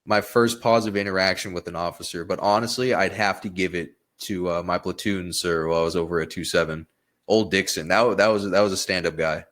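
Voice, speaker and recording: A young man with a very low voice chats on a podcast. He tells stories in an animated, profane way. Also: fairly quick. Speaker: podcast guest, Marine veteran. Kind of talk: casual podcast chat.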